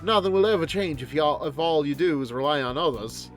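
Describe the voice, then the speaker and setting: On stream, a man reads game dialogue aloud as an earnest young woman fortune teller, speaking solemnly and from the heart, with occasional slips into a blunt country dialect. His fairly high, pitched-down yet natural voice is lively and fairly quick, and the mood is heartfelt. Soft music plays behind him.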